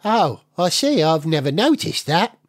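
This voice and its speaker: A man's voice: fairly high pitch, sing-song, a little slow. A man playing a young motorsport commentator who sounds earnest and flustered in a comedy sketch. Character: young male motorsport commentator being coached.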